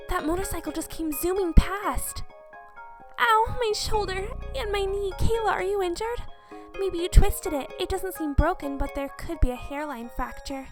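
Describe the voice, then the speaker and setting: A high-pitched woman reading a game aloud, voicing the lines and reacting expressively. Game music plays clearly underneath her. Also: normal speed. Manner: expressive, reacting with gasps and exclamations. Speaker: gameplay video host.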